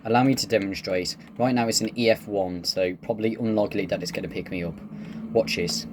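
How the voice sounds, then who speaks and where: A man's voice: fairly low pitch, fairly even intonation, fairly quick, a little hiss or hum. A man giving casual, joking gameplay commentary, laid-back and swearing freely. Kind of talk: casual let's-play commentary.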